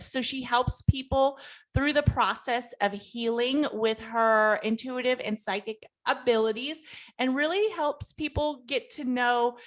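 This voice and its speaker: A woman opens a podcast interview with an enthusiastic welcome. Her voice sits high, and she speaks slowly and deliberately. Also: fairly bright tone. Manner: enthusiastic welcoming, brief listening responses. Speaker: podcast host.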